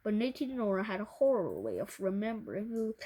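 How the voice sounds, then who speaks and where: A woman's voice: medium pitch, very animated, mellow. A woman reading a children's storybook aloud, stumbling and restarting words now and then. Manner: halting, restarts words often. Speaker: storybook reader.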